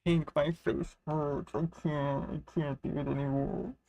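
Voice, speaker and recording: A woman streaming a game live, gushing and swearing excitedly as she chats with viewers. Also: low voice, measured pace, vocal fry. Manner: excitable, swears and gushes freely.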